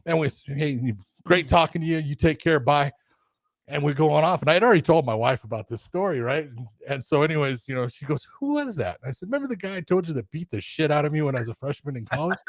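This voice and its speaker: An older man co-hosting a podcast who tells stories in a casual, animated way, swearing now and then and acting out the voices of the people he quotes. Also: on the high side, rapid-fire, few pauses, no room sound, studio quality. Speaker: podcast co-host, former referee. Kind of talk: casual storytelling chat.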